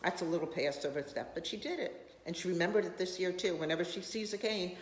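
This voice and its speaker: An older woman talking off the cuff to viewers from her living room, chatty and a little wry, at a middling pitch. The room echoes noticeably, with a long tail and a faint hiss behind her. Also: quick pace. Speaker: comedian's mother. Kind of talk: casual chat to a live audience.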